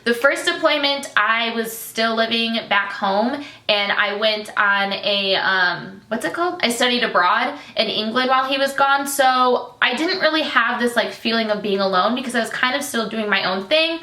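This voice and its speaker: Getting emotional and sometimes tearful, a young Michigan vlogger who is a military wife speaks openly to her camera with lots of fillers. She talks at a moderate pace with few pauses, and her slightly high voice sounds sharp against reverb.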